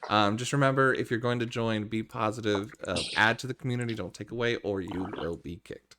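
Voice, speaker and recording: Rambling low-voiced man running a game. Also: fairly even intonation, brisk, pushed and bright, slight background noise. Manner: chatty, rambling, with many fillers. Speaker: game master. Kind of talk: casual stream chat and narrating a tabletop game.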